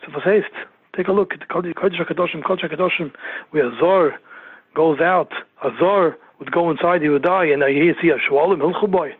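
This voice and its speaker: Man, Torah sermon, husky, rhetorical questions, tinny phone-line sound. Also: a little high, a little fast, no echo. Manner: repeats phrases, peppered with rhetorical questions. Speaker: Torah teacher. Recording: narrow phone-like radio sound.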